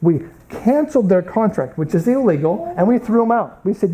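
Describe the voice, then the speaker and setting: Mellow-voiced American man teaching a class. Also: high-pitched, sing-song, moderate pace, hardly any pauses, rough recording. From United States. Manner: storytelling, acts out quoted people. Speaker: Bible college instructor. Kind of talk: classroom lecture with anecdotes.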